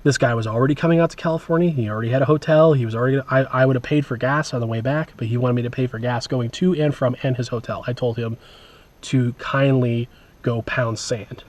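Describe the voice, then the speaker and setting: A man's voice: medium pitch, fast, a little mellow. A man vlogging casually, recounting a story in a rambling, wry way with many asides and restarts.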